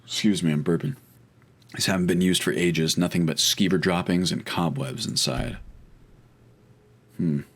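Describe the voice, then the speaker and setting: A man's voice: low-pitched, fairly even intonation, normal speed, pauses often. A man casually commenting while playing a video game, chatty and wry, thinking aloud as he goes. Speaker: let's play host.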